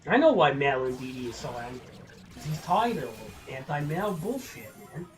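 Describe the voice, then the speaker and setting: Male streamer, slightly high voice, swears freely, heated rambling rant, faint music underneath. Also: very animated, moderate pace, low-quality recording. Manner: profane, heated, opinionated; rambling with restarts. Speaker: livestreamer. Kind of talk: live-stream ranting to chat.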